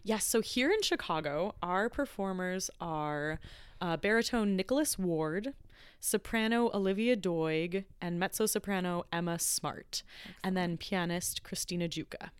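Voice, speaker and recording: An eager, chatty woman speaking as a podcast guest about her arts work. Her voice is smooth and clean, recorded close and dry, and she talks with plenty of fillers and quick bursts of excitement. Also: fairly low pitch, dry recording. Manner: enthusiastic, chatty, many fillers. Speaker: guest, arts organization leader. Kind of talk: casual podcast conversation. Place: Chicago.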